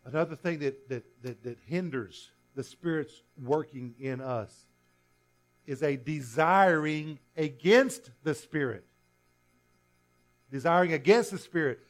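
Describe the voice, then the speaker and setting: Earnest preaching man, higher voice. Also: measured pace, faint music behind. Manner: earnest, repetitive preaching with stammered restarts. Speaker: pastor. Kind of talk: sermon.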